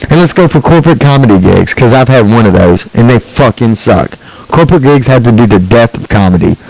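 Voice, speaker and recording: A man's voice: mid-range voice, lively intonation, brisk, gravelly, darkish tone, no echo, poor audio. Angry profane man doing stand-up. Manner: angry, sarcastic and profane, with mocking put-on quotes. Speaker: stand-up comedian.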